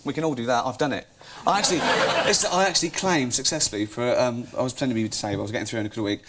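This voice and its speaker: An Englishman rambles through deadpan comedy chat in an offhand way and often laughs at his own jokes. His voice sits at a middling pitch, and the recording carries a clear layer of noise. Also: rapid-fire. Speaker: comic guest. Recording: noisy studio recording.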